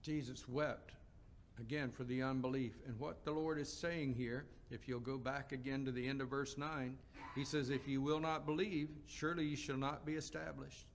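A man's voice: mid-range voice, steady tone, moderate pace, slight background noise. A man preaching a sermon, explaining scripture passages with quotes and rhetorical questions.

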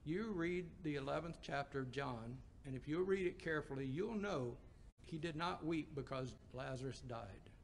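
A man's voice: fairly high pitch, moderate pace, gravelly, slight background noise. A man preaching a sermon in a folksy, conversational storytelling way, with emphatic rises.

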